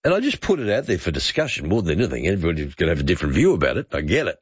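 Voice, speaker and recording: A man's voice: low voice, huge pitch swings, very fast, husky, dry recording. A male talkback radio host who muses aloud and reads out listener texts. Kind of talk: late-night talkback radio. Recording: muffled radio broadcast.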